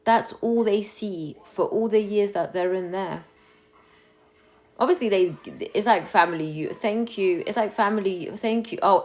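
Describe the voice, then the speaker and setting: A woman's voice: mid-range voice, darkish tone. A woman hosting a casual phone livestream, chatting loosely and thanking viewers as they come in. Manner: chatty, reads and thanks commenters. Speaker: livestream host.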